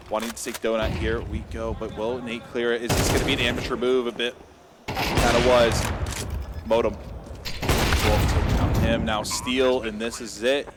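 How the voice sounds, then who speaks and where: A man casting a live esports match, joking around and getting excited on big plays. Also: on the low side, normal speed, very noisy. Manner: jokey, rises to excited calls on big plays. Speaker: esports caster. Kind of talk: live play-by-play commentary. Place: live event venue with crowd.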